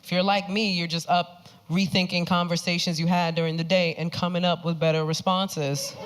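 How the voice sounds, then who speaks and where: A woman's voice: lowish voice, flat delivery, normal speed, slight background noise. A woman performing a stand-up comedy set, acting out the people she quotes with big jumps in her voice.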